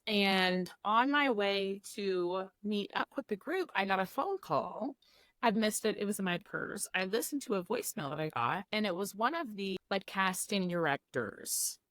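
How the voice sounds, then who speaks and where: A woman's voice: mid-range voice, animated, normal speed, a bit bright, no room sound. A young woman from the Midwest talks through her memories in a loose, earnest way, her sentences full of "like" and "you know". Her voice is recorded close and dry, with no room around it. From Midwest of the United States. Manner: chatty, heavy use of "like", earnest. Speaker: guest, former cooking show contestant. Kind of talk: casual interview chat.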